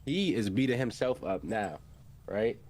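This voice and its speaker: A young man hosting an anime podcast, recapping an episode in animated, slangy storytelling full of fillers and restarts. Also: fairly low pitch, measured pace.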